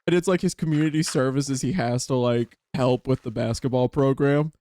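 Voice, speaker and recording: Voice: mid-range voice, fairly even intonation, normal speed, mellow. A streamer chatting casually while playing a game with friends, rambling and self-mocking. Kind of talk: casual gaming chat with friends.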